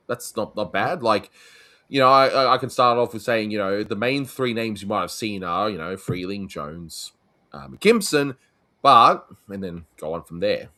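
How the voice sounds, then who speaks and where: An Australian man hosts a relaxed, jokey conversation. His voice swings up and down a lot, and he keeps the banter moving along. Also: lowish voice. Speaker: host. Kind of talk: casual chat.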